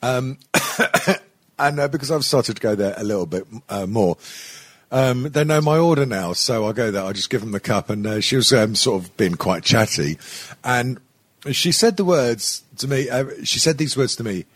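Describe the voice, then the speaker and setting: Husky sweary man rambling. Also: medium pitch, animated, normal speed, fairly bright tone, dry recording. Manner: rambling, sweary, with many fillers. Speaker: podcast co-host. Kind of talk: crude casual banter.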